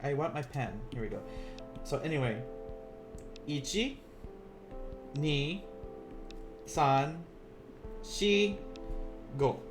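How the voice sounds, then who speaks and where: A man teaching beginner Japanese in a casual livestream, rambling and self-amused, softly counting out strokes as he writes. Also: on the high side, very slow, long pauses, over music.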